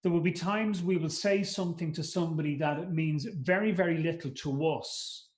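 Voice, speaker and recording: A man's voice: a little high, normal speed. A middle-aged man giving a live masterclass at a conference, speaking conversationally, repeating words and acting out short quotes. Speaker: trainer. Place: conference room. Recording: roomy echo.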